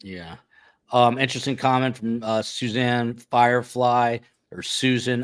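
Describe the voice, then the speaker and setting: A man hosts a live stream in a relaxed, conversational way. He reads viewer comments aloud and thinks out loud, with frequent "uh"s and restarts. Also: medium pitch, unhurried, smooth. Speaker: host.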